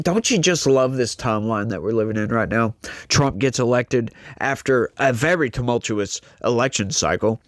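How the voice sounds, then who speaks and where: A man's voice: mid-range voice, no echo, clean studio sound. A man doing mocking political reaction commentary, laughing often.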